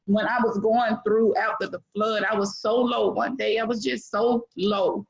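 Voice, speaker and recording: A middle-aged woman speaks on an online call, pouring out a heartfelt testimonial. She sounds preachy and keeps filling her talk with fillers, her pitch sitting right in the middle. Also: level tone, moderate pace, vocal fry, highs cut off. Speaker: webinar participant giving a testimonial. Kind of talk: emotional testimonial.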